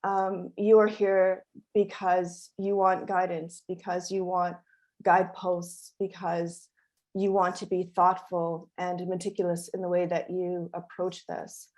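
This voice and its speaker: A female author moderating a panel, opening with an expressive, heartfelt personal story. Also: lowish voice, measured pace.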